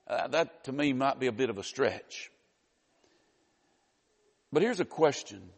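A man preaches a sermon in a church sanctuary, his voice sitting a little high for a man. He teaches conversationally and drops in wry asides. A long hall reverb trails each phrase. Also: fairly bright tone.

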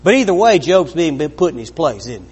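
A man's voice: fairly high pitch, big pitch swings, brisk, a little mellow, slightly rough. A man preaching an earnest, conversational sermon, acting out the lines he quotes. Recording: long reverb of a large hall.

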